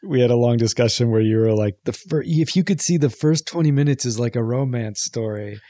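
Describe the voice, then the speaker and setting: Mellow-voiced man making wry podcast remarks. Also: mid-range voice, a little fast. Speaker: podcast co-host. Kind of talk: casual chat.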